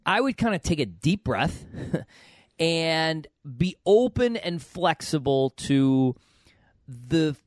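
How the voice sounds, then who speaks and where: A man hosting a podcast, giving emphatic, animated career advice to a student. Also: on the high side, slow pace, no room sound, clean studio sound. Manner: animated, emphatic, repeats words. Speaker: podcast host, financial advisor. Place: US, Kentucky.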